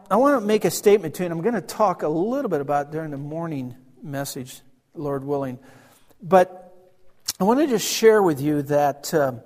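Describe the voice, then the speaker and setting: A man's voice: a little high, darkish tone. A man preaching a sermon in a folksy, storytelling way, often laughing and acting out conversations. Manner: folksy, laughing, acts out dialogue. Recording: long hall reverb.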